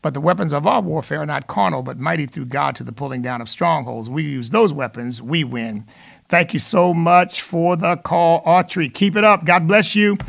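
Male call-in radio host, fairly high-pitched and gravelly, preaching with emphatic peaks. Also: normal speed, a bit bright. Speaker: radio talk show host.

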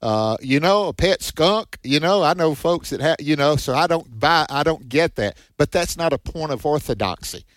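A man's voice: on the high side, animated, normal speed, few pauses, fairly bright tone, no echo. A man hosting a Christian radio call-in show, talking in a folksy, hesitant way with lots of fillers. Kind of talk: casual radio chat.

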